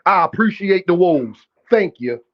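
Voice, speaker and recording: A brash, trash-talking male streamer riffs on boxing and calls out his chat with a high-pitched, animated voice. His profane banter sits in dull, lo-fi stream audio. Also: a little slow. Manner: addresses chat directly, calls out viewers. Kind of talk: live-stream boxing commentary.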